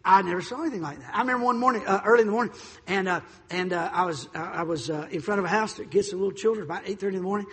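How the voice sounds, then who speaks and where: A man preaching a sermon, telling stories in an animated way, acting out voices, and swinging between loud and soft. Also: high-pitched, racing, husky, big-room sound. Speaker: pastor.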